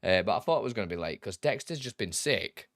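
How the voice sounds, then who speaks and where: A man's voice: lowish voice, lively intonation, fast talker, fairly bright tone, dry recording, clean studio sound. A young man chatting casually on a live stream, greeting viewers by name and laughing easily as he takes tech questions.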